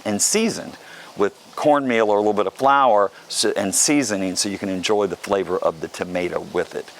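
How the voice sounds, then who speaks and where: A man from the Carolina coast talks casually to the camera, with a fairly low voice. His delivery is folksy and chatty, full of little jokes. Faint background noise sits under the voice. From South Carolina Lowcountry. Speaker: vlog host.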